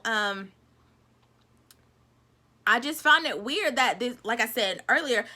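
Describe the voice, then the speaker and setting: A woman's voice: on the high side, pushed and bright. A young woman, casually recapping a TV episode in a sassy, chatty way. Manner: chatty, sassy, retells scenes acting out quotes. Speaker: TV recap vlogger.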